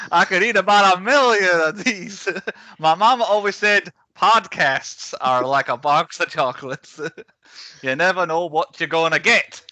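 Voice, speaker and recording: A simple, good-hearted Southern man sits on a park bench and drawls every word out slowly, as a man puts him on. The voice sits high and bright, with a close, dry sound. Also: dry recording, poor audio. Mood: goofy. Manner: slow drawl, laughing between lines.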